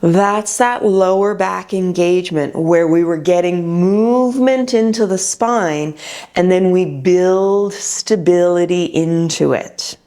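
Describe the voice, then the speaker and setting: A woman calmly guiding a gentle back exercise, patiently coaching and checking in with listeners. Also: fairly low pitch, slow, clear, resonant tone. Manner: calm, patient coaching with frequent "okay?" check-ins. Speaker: movement therapist. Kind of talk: guided exercise instruction.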